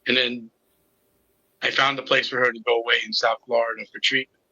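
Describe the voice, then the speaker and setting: A man's voice: medium pitch, level tone, a little fast, sharp tone, breathy edge, dry recording, dull audio. A middle-aged man telling his personal story as an interview guest, candid and with a sarcastic sense of humor. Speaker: interview guest, recovery coach.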